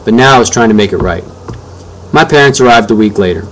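A man's voice: mid-range voice, fairly quick, pauses often, slight background noise, low-quality recording. A man reading a first-person audiobook narration in an earnest, reflective way.

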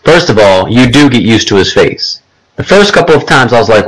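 A man's voice: medium pitch, animated, brisk, low-quality recording. A man reading a first-person novel as an audiobook narrator, in a casual, conversational manner.

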